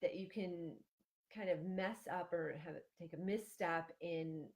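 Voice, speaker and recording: A woman's voice: lowish voice, a little slow, a little mellow. A woman in her thirties from Ohio, giving chatty parent-group advice on a livestream, with lots of fillers and restarts. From Ohio, USA. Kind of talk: casual livestream advice talk.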